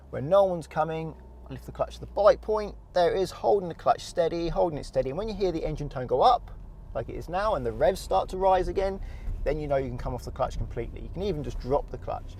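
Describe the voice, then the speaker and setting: A man, a driving instructor calmly explaining step by step while demonstrating from inside a car. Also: mid-range voice, vocal fry.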